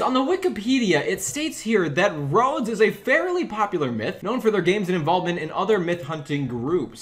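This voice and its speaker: A man doing excited, nervous gameplay commentary, reading lore aloud and giggling often. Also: a little high. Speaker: gaming YouTuber.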